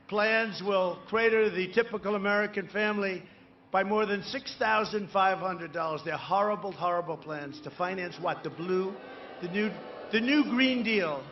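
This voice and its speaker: A man with a fairly high-pitched voice gives a campaign rally speech, drifting from point to point with repeated asides and tag questions like "right?" He talks in an emphatic, boastful way and breaks into loud bursts. The feed sounds a little dull and lo-fi, with a faint hiss of noise underneath. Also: normal speed. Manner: rambling, repetitive, full of asides and tag questions to the crowd. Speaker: political candidate addressing a rally crowd.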